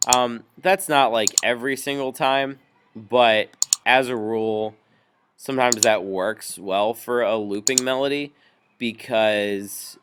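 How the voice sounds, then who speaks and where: A man teaching a music software tutorial, explaining each step patiently with frequent ums. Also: mid-range voice, slow pace, a little hiss or hum. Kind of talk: screen-recorded software tutorial.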